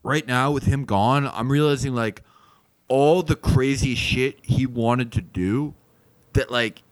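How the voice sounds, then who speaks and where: A man playing a crude, self-absorbed influencer host on a comedy podcast, rambling and swearing, getting louder when worked up. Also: medium pitch, takes it slowly, no room sound, lightly acted, low-quality recording. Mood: deflated. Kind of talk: improvised comedy podcast, deadpan parody.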